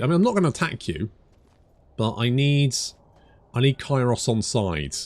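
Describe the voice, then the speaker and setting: Rambling man with lively pitch. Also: moderate pace. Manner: rambling, chatty, wanders off on tangents; thinks aloud and mutters to himself while playing. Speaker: gaming YouTuber. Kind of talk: let's play commentary.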